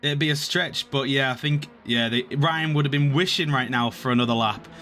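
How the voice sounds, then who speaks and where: A man commentating a sim race, calling positions and getting excited at incidents. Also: medium pitch, faint music behind. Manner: excitable, calls positions quickly.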